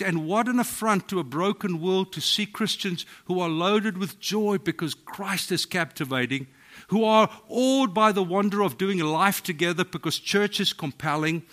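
A middle-aged South African man, a pastor preaching a sermon, telling stories in a voice that drops to a hush and then rises to loud exclaiming. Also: high voice, moderate pace. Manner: storytelling, swings from hushed to exclaiming.

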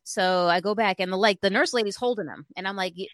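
A woman telling an animated, chatty story in casual talk, full of fillers and acted-out quotes. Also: mid-range voice, fast talker, no echo.

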